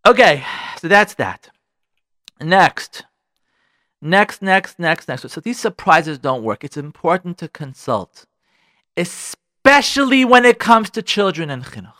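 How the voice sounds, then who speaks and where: A male radio host talks listeners through marriage advice in a preachy, animated way, stopping often to act out little scenes. His voice sits high, bright and lively. The sound is close and dry. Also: a little slow, dry recording. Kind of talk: relationship advice talk.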